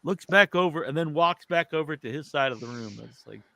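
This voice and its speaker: A man co-hosting a podcast who tells a rambling, animated story in a casual chat. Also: a little high, brisk, no room sound. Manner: animated, rambling, restarts often. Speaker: podcast co-host.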